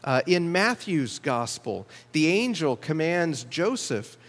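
A man's voice: fairly high pitch, big pitch swings. Man preaching in a reverberant hall. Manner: measured teaching, slows to stress key words. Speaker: pastor. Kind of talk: sermon.

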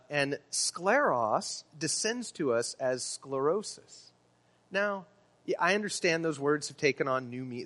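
A man's voice: on the high side, a bit bright. A man preaching a sermon as pastor, earnest and emphatic, with some ums. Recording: long hall reverb.

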